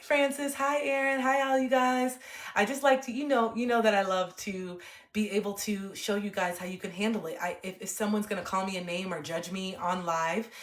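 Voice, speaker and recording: A young woman livestreamer talking to her chat in a calm, earnest, open way. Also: fairly high pitch. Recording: roomy echo.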